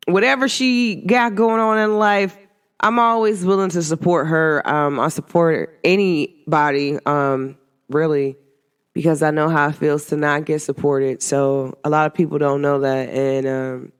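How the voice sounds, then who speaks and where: A woman hosting a podcast, talking casually in a rambling, animated way with many fillers. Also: low-pitched, clean tone. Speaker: podcast host.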